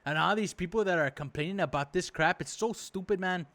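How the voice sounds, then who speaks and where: A man's voice: sits high, a little fast, fairly bright tone. A man giving a rambling, profane reaction commentary, indignant and exasperated, with lots of fillers. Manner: indignant, exasperated, swears freely. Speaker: reaction video host.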